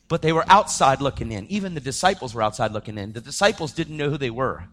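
A man giving a testimony sermon in casual slang, acting out the voices he quotes and sometimes breaking into shouts. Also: medium pitch, fast, hardly any pauses. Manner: animated, acts out quoted voices, slips into shouts; casual slang, calls listeners dude. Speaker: preacher giving his testimony.

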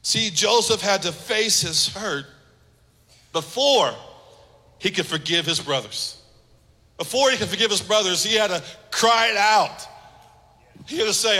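Bright-voiced preaching man in a hall. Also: high-pitched, animated, a little slow, long pauses. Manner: emphatic, repetitive, conversational preaching. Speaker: pastor. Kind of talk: sermon.

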